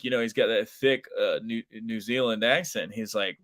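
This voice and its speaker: Barely pausing, a pro wrestler chats at a normal speed in a medium-pitched voice while telling a wild story as a casual interview guest. He's animated and talkative, with plenty of fillers.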